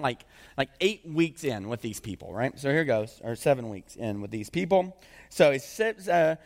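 A man preaching a sermon as pastor in a church, casual and joking in a conversational way. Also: fairly high pitch. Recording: long reverb of a large hall.

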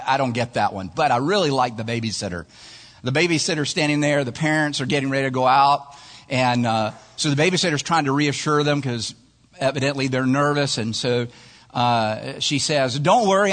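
A male pastor preaching a sermon in a church, telling stories in an animated way and chuckling at his own jokes. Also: mid-range voice, moderate pace. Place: church sanctuary. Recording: long church-hall reverb.

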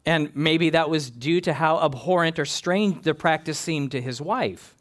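A man preaching an expository sermon, reading scripture and building emphatic, animated lists. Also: fairly high pitch, a little slow.

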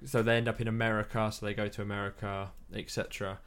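A man's voice: fairly low pitch, little pitch movement, quick pace, a bit bright, clear, resonant tone. A man chatting casually about films, rambling with many fillers and restarts. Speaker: podcast co-host.

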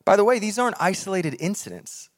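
A man preaching a sermon in a church, animated and jokey, acting out voices from scripture. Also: high voice, quick pace. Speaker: pastor. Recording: long hall reverb.

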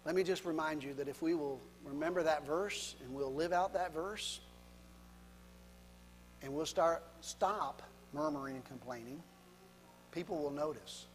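A man with a high voice preaches a sermon in a long, echoing hall. He is folksy and pokes fun at himself, and he laughs often. He drops into quiet asides, then rises to loud, emphatic lines. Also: a little slow, slight background noise. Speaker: pastor.

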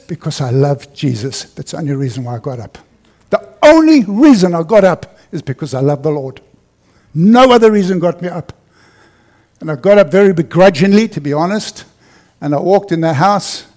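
A man's voice: on the high side, expressive, a little fast, a little mellow. A middle-aged man preaching a sermon as pastor, telling a personal story earnestly and repeating key phrases for emphasis. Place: church.

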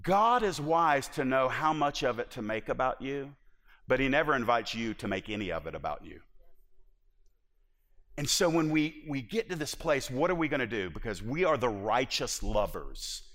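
A man's voice: mid-range voice, big pitch swings, moderate pace, a bit bright. A man preaching a sermon in an impassioned, emphatic way, often restarting his words. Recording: long reverb of a large hall.

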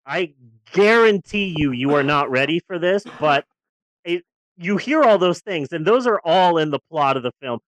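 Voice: lively intonation, normal speed, dry recording. Sarcastic, profane podcast co-host. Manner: sarcastic, profane, swings between loud outbursts and low grumbles. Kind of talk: casual movie-review chat.

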